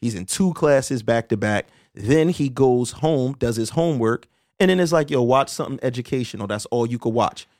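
Profane, animated man on a dry podcast mic. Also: mid-range voice, moderate pace, no room sound. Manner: animated, profane storytelling with slang. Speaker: podcast co-host. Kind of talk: casual podcast chat.

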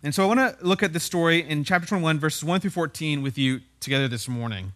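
A male pastor gives a relaxed, chatty sermon in a slightly high, bright, forward voice. He teaches with dry humor and keeps tossing "right?" to the congregation. His tone stays easygoing and close, like a talk among friends. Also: quick pace. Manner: casual and wry, with frequent "right?" tag questions. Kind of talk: conversational sermon.

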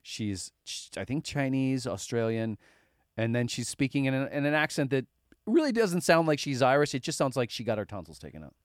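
A man's voice: mid-range voice, big pitch swings, fairly quick, dry recording. Sarcastic man, podcast co-host, stumbling restarts, dry close sound. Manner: sarcastic, stumbling restarts, puts on mock voices. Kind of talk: casual comedic banter.

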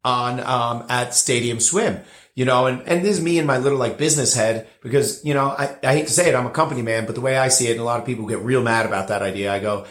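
A man's voice: mid-range voice, racing, few pauses. Rambling man with roomy echo. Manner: rambling, many fillers and restarts. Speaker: podcast guest, casino bartender. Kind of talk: casual interview storytelling.

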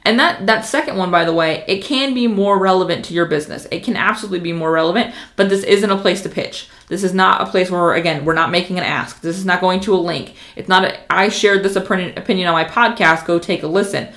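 Woman marketing coach, lowish voice, quick and excited, roomy echo. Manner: fast, energetic and passionate, with many fillers. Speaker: social media marketing coach. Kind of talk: casual instructional talk to camera.

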